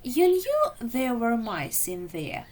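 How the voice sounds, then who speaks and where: A woman playing a jittery little pug puppy, high voice, storybook, slow and lively, faint hiss behind. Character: timid boastful little male pug puppy. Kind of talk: children's storybook reading.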